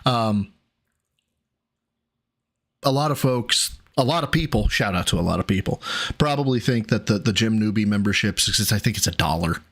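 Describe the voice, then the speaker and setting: A man's voice: fairly low pitch, lively intonation, normal speed, pauses often, a bit bright. A man co-hosting a livestream, ranting and teasing in a profane, exasperated way. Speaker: co-host. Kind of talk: casual livestream banter.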